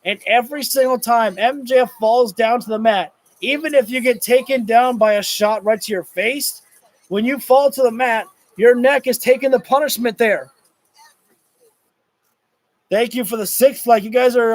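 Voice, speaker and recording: High-voiced excitable male wrestling streamer. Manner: reacts loudly, swears, shouts at big moments. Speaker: livestream wrestling commentator. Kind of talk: excited play-by-play commentary.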